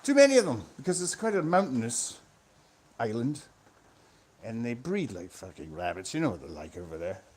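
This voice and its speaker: A man in a profane, sardonic, rambling comic monologue that swings between loud outbursts and low mutters. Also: sing-song, moderate pace, breathy edge. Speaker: vlogger. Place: room indoors with electric fans.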